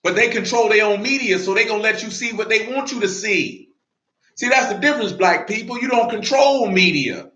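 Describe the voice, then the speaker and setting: A male preacher giving an emphatic sermon in blunt street talk, often building to shouts. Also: high voice, fairly quick. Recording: roomy, dull lo-fi recording.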